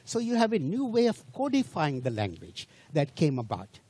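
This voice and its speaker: An older man lecturing to a general audience, his first language Hindi. His fairly high voice carries a slight huskiness. He talks in an animated, wandering way, pausing to toss out rhetorical questions and restart his sentences. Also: slightly rough.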